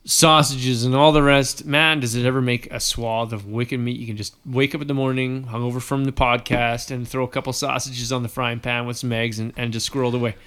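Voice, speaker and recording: A man's voice: medium pitch, little pitch movement, a little fast, few pauses, fairly bright tone, smooth. A man from Alberta co-hosting a casual podcast, enthusiastic and full of slang.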